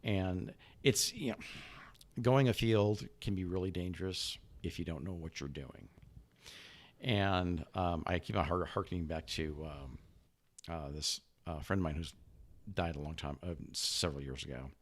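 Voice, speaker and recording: A man with a very deep voice talks casually on a podcast, stopping and starting, stacking repeated words as he hunts for the next thought. He co-hosts and chats freely with his two partners. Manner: halting, many restarts and repeated words. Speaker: podcast co-host.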